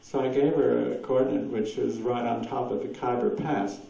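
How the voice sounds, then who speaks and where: A man's voice: medium pitch, fairly even intonation, normal speed, creaky, recorded from a distance, a crowd in the background. A man telling anecdotes at a presentation and taking audience questions, rambling and chuckling often as he acts out quoted voices. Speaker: speaker at a presentation. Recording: dull echoey hall recording from afar.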